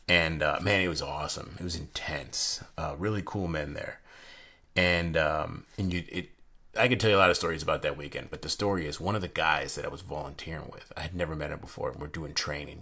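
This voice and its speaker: A man's voice: rumbling low, creaky, pushed and bright, slightly rough. A young man chatting casually while reviewing a deck of playing cards, rambling from one story to the next with many fillers and restarts. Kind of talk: casual unboxing chat.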